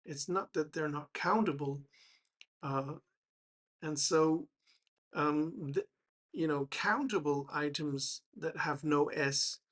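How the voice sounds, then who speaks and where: A man teaches English grammar in a measured, unhurried way, pausing often with fillers and restarting his phrases. His voice sits somewhat high for a man and his pace stays slow throughout. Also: fairly bright tone. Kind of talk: explaining grammar to learners.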